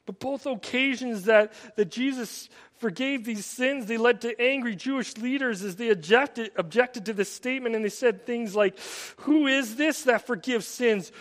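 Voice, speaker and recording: Animated preacher man, echoing hall. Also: very high-pitched, moderate pace, few pauses. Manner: storytelling preacher, animated, frequent repeated "and". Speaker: pastor. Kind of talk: sermon. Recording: long hall reverb.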